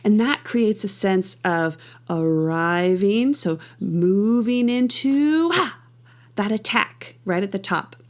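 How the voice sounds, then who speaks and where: A woman's voice: medium pitch, expressive, slow, darkish tone. A middle-aged woman teaching a movement class with enthusiasm, counting beats and making playful rhythmic sounds. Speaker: dance teacher.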